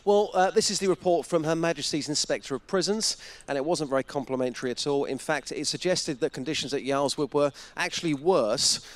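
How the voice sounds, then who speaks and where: Chatty radio co-host, higher voice. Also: male voice, fairly quick, hardly any pauses. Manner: chatty anecdotal storyteller, acts out voices. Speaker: radio co-presenter. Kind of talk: casual radio chat.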